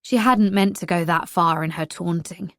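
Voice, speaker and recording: A woman reading an audiobook narration in a wry, even storytelling manner. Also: on the low side, moderate pace, no echo, studio quality.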